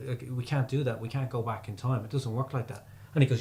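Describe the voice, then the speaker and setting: A man's voice: medium pitch, steady tone, fast talker, few pauses, darkish tone, slight background noise. A man co-hosting a casual chat, telling a story animatedly and acting out both sides of the exchange. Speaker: podcast co-host.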